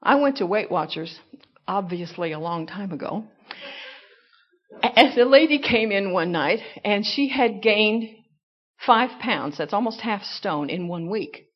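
A woman preaching a sermon, lively, acting out excuses in playful voices. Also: medium pitch, measured pace, muffled recording.

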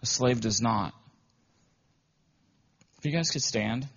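Male preacher, husky voice, chatty emotional sermon delivery, dull lo-fi audio. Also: medium pitch, slow pace, fairly bright tone. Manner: conversational storytelling, often emotional. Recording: dull lo-fi recording.

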